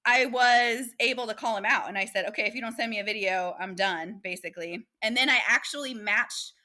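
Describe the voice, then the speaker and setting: Woman, bright tone, slightly high pitch, animated storytelling. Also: a little fast. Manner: animated, chatty, acts out quoted voices. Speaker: guest. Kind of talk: casual storytelling interview.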